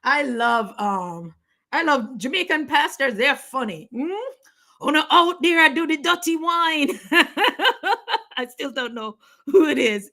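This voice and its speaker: A middle-aged woman from the Caribbean chatting casually on a live stream, laughing often and talking with lively energy. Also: high-pitched, a little slow, pauses often. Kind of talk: casual chat.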